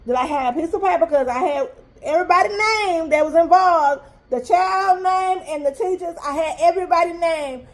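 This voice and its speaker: A mother telling a story in an animated, emphatic, exasperated way. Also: high-pitched. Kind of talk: storytime vlog.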